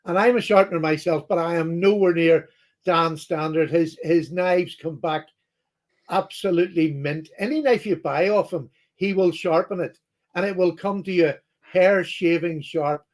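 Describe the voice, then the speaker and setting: A man co-hosting a casual chat, chiming in briefly and vouching for his guest. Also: on the high side. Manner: quick interjections, warm praise. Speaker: co-host.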